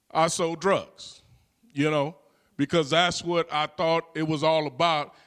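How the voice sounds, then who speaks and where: Slightly high-voiced man telling his story. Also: a bit bright, smooth. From California. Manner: conversational, frequent "you know" fillers. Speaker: guest. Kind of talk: personal storytelling.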